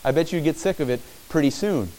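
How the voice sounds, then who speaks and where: Animated high-voiced male preacher. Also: fairly quick. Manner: animated preaching, acting out shouted pleas. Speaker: pastor. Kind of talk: sermon.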